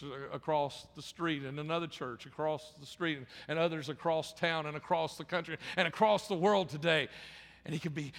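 Bright-voiced preacher, ringing hall reverb. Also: male voice, high voice. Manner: impassioned, repeats words and restarts phrases. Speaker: pastor. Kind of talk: sermon.

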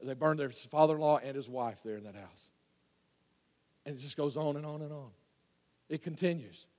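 A man preaching a sermon, telling the story in a folksy way and swinging from loud to hushed. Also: on the high side, normal speed. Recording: long hall reverb.

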